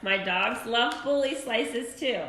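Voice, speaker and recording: A woman co-host chimes in during a casual chat with short questions and quick remarks. Her voice is fairly high, with a roomy echo and a little background noise. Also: a bit bright. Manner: brief interjections and questions.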